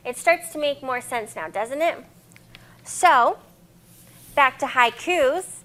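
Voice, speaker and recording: A young woman with a slightly high voice leads a children's library lesson on poetry. She is cheerful and encouraging and claps out syllables with her young listeners. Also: lively intonation, slow pace, pauses often, a bit bright.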